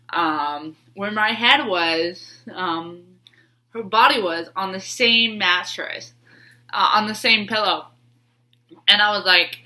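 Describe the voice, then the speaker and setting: A woman's voice: medium pitch, pushed and bright. A woman with a stuffy nose from sneezing, telling a personal story in a rambling way with lots of fillers and restarts. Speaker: vlogger.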